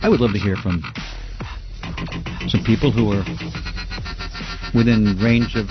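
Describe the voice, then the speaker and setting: A man's voice: lowish voice, steady tone, a little slow, lo-fi sound, music in the background. A man hosting a call-in radio talk show, arguing with callers and ranting in outrage. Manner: heated ranting, shouts in outrage.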